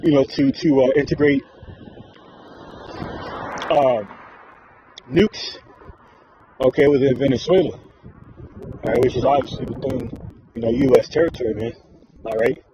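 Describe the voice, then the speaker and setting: A man's voice: mid-range voice, steady tone, a little slow, long pauses, dark tone. Man, religious commentary, rambling, many fillers, dull lo-fi sound, faint hiss. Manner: rambling with constant fillers like all right and man. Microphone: phone screen recording.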